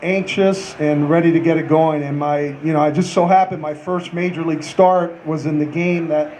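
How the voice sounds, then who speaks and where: A man's voice: fairly high pitch, steady tone, moderate pace, a little mellow, poor audio. Matter-of-fact man, faint hiss. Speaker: former player, panel guest. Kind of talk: recollection on a live panel.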